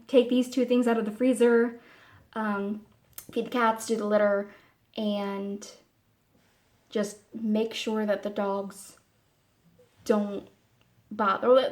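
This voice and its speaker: A woman talking casually to camera in a personal vlog, meandering and halting, with many fillers and restarts. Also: medium pitch. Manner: soft and candid. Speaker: vlogger.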